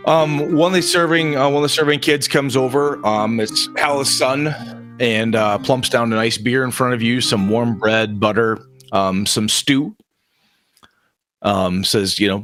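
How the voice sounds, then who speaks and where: A man narrating as game master of a tabletop game in an animated, storytelling manner. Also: mid-range voice, a little slow, faint music behind.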